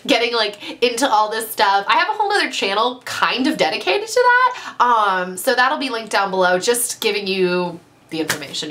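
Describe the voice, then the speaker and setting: A young woman talks straight to her viewers in a casual, heartfelt vlog. Her voice is bright and forward, and her speech is loose and gushing, full of little fillers as she urges them on. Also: medium pitch, big pitch swings, moderate pace. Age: young adult. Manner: earnest and gushing, many fillers like "like" and "you know". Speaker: vlogger. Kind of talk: casual motivational talk to camera.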